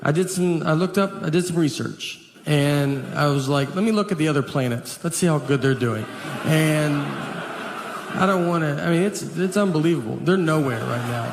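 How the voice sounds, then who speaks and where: Southern male stand-up, fairly high voice, dry deadpan delivery, live set with audible crowd noise. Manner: slow, deadpan storytelling with trailing pauses. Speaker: stand-up comedian. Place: comedy stage with live audience. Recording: noisy live audience recording.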